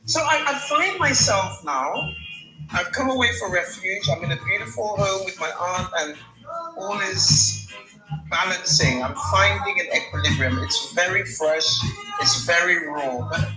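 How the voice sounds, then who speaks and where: A woman in her forties on a live call, recounting a painful personal story in a halting way, repeating and restarting words. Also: mid-range voice, animated, echoey room, over music, low-quality recording. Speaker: caller sharing her story.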